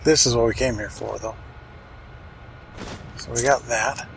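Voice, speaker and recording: A man's voice: mid-range voice, fairly even intonation, measured pace, gravelly, slight background noise, low-quality recording. A man casually commenting on his own gameplay, wry and chatty, muttering to himself and swearing now and then. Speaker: let's play host.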